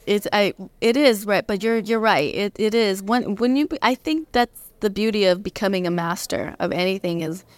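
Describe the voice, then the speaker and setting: Woman in her thirties, interview guest, smooth clear voice, dry close sound, earnest and reflective. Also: mid-range voice, no room sound. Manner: earnest, reflective, many restarts. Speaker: guest, professional fighter. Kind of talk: conversational interview. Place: convention interview.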